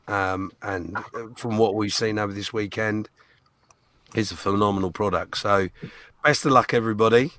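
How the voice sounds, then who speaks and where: A man's voice: fairly low pitch, fairly even intonation, normal speed, bright, forceful tone, no room sound. Hesitant man hosting a stream. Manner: hesitant, many ums and restarts. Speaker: host of a charity auction stream. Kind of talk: casual live-stream chat.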